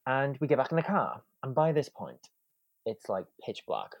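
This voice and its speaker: A man's voice: medium pitch, wildly swooping pitch, normal speed, vocal fry, no room sound, muffled recording. A young man, a podcast guest, telling a story animatedly and acting out the quotes with drama. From Wales. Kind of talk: casual storytelling.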